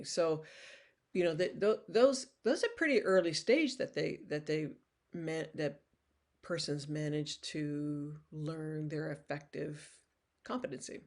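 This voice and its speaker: A woman's voice: sits low, slow pace, a little mellow. An older woman giving a recorded lecture in a casual, conversational way, often restarting phrases and slipping in "you know.". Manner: acts out toddlers' voices when quoting them.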